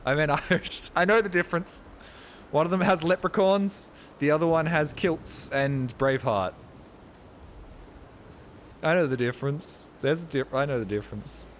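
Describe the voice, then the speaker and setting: A man's voice: on the high side, moderate pace, slight background noise. A young Australian man chatting casually to viewers during a game stream, rambling and joking. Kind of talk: casual chat while gaming.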